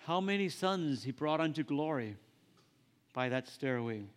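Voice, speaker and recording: A man's voice: on the high side, lively intonation, smooth. Earnest man preaching in a reverberant hall. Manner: earnest, halting, repeats phrases. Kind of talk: sermon. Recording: long reverb of a church hall.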